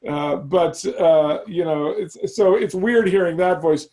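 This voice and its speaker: A middle-aged man as an interview guest, chatting casually and telling rambling, lively stories with many restarts. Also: a little high, a little slow. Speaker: guest, animation creator.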